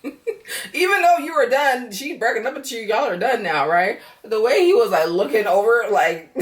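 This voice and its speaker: A woman's voice: a little high, expressive, normal speed, recorded from a distance. A woman giving a chatty, profane, laughter-filled casual recap of a reality show. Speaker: YouTube reality-show reviewer. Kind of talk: casual reaction commentary.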